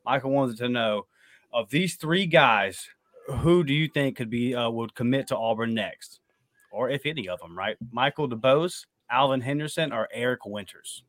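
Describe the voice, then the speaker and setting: A man's voice: mid-range voice, normal speed, a bit bright, dry recording. A man hosting a sports podcast interview, asking questions in a casual, hyped, fan-like way. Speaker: podcast host.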